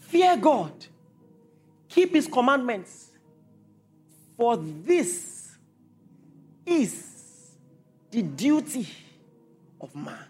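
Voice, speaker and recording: A man's voice: very high-pitched, sing-song, extremely slow, long pauses, darkish tone, slightly rough, faint music behind. A man preaching a sermon to a congregation, driving points home with repeated rhetorical questions.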